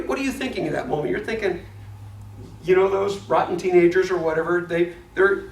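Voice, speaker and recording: A man teaching a Bible study in a casual, animated way, often restarting his words as he tells a story. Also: sits high. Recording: echoey room, mic at a distance, faint noise.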